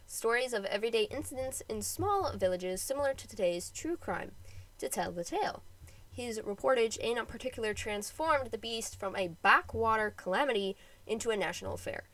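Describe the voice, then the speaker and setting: A woman hosting a history podcast, reading her script and breaking off for quick, jokey casual asides. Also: medium pitch, lively intonation, fairly bright tone, poor audio. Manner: chatty, jokey asides between read passages. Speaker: podcast host.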